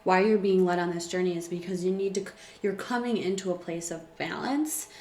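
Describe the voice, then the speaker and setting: A woman's voice: on the low side, a little fast, a little mellow, roomy sound, a little hiss or hum. A woman giving a casual, chatty tarot reading at home, full of fillers and emotion. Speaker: tarot reader. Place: room at home by a window.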